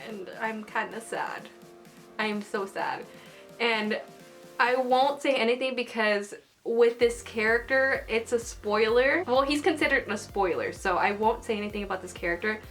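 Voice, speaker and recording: A young woman talking casually to her viewers, gushing and rambling with lots of fillers as she shares her excitement. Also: medium pitch. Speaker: anime vlogger. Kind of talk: casual fan commentary vlog.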